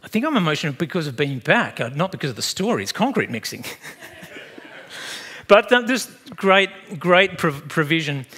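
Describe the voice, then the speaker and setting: Male pastor, fairly high voice, conversational and animated sermon delivery. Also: moderate pace, slightly rough. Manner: conversational and animated, acts out dialogue, emotional at times. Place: church.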